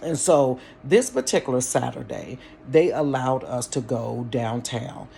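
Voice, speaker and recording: Guy from cincinnati telling childhood stories to his viewers from his bedroom, chatty, laughs a lot, mid-pitched voice. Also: measured pace, creaky, a little hiss or hum. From Cincinnati, Ohio. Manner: chatty and animated, addresses viewers directly, laughs easily. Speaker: storytime channel host. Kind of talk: casual storytelling vlog. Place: bedroom at home.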